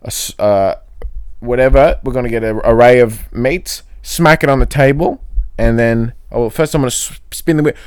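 A man hosting a solo comedy podcast, rambling and self-mocking in a deadpan way. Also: medium pitch, normal speed, smooth. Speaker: podcast host. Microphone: podcast mic.

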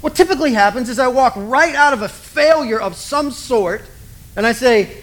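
Animated high-voiced male preacher. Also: moderate pace. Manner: animated, self-deprecating, acts out quoted voices. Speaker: pastor. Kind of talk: sermon.

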